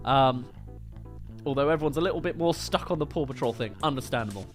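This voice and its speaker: Brief: British male streamer, fairly high and very animated, casual chatty movie commentary. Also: faint music behind. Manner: chatty, answers viewer comments with quick jokes. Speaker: movie review livestream host.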